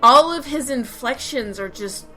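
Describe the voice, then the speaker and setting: A woman's voice: high voice, expressive, unhurried, bright, forceful tone, soft background music, poor audio. Chatty woman podcast co-host. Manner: opinionated, chatty. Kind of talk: casual chat.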